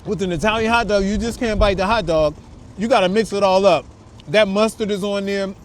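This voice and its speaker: A man's voice: high-pitched, fairly even intonation, fairly quick. A man hosting a casual food review vlog, chatting to viewers in laid-back slang outdoors on a windy city street. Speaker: food vlogger host.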